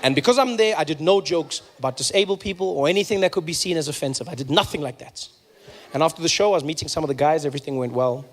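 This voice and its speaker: A man's voice: a little high, fast talker, long reverb tail. A man from Africa, telling stories in a stand-up comedy set. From South Africa. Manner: animated storytelling.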